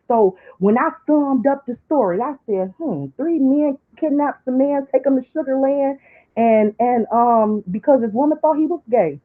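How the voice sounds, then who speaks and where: A woman talking on a live stream in a preachy, emotional way, dropping low for asides and climbing high when she pleads. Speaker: online commentator. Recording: tinny phone-like line.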